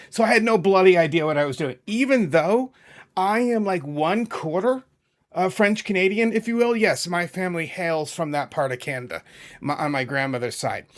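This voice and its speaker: At normal speed and in an animated, high-leaning voice, a New England host of a YouTube music channel talks casually over a map. The middle-aged American keeps drifting into asides and fixing his own words.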